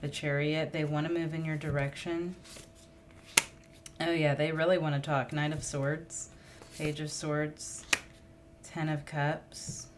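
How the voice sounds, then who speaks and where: A woman's voice: low voice, flat delivery, slow pace, background noise. A woman reading tarot cards in a casual, musing monologue, thinking aloud and getting emotional as she draws cards. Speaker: tarot reader.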